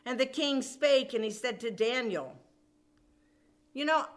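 A woman preaches a sermon, retelling a scripture story emphatically and dramatically while acting out the quoted voices. Her voice sits high and is expressive, at a measured pace.

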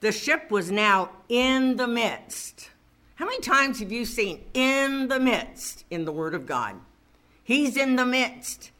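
A woman's voice: fairly high pitch, a bit bright. A woman preaching a sermon, asking the congregation questions and building to fervent calls to press on. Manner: preaching with rising fervor and call-and-response questions.

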